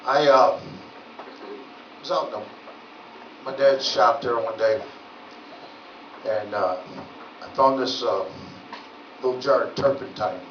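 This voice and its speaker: A man's voice: medium pitch, slow, long pauses. Stand-up comic, male, rambling folksy delivery, lo-fi hall recording with noise. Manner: rambling, folksy, many filler words. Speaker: stand-up comedian. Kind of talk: stand-up storytelling. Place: legion hall. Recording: roomy, distant, dull lo-fi with noise.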